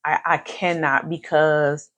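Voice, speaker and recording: A woman hosts a live stream in casual chat. She talks slowly in a slightly low voice. She is effusive and grateful, and she repeats her phrases for emphasis. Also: flat delivery, fairly bright tone. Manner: grateful, faith-filled. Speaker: podcast host.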